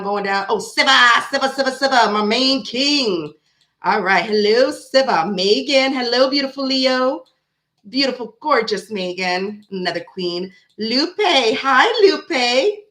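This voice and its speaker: A woman's voice: high-pitched, a bit bright. A woman hosting a tarot live stream, chatting casually and greeting viewers one by one by name.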